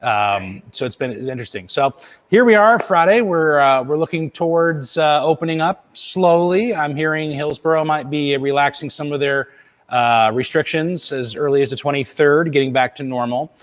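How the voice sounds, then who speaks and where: A man's voice: a little high, moderate pace. A man hosting a live TV show from Florida, chatting casually with a guest and leaning on frequent uh fillers. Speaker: TV show host.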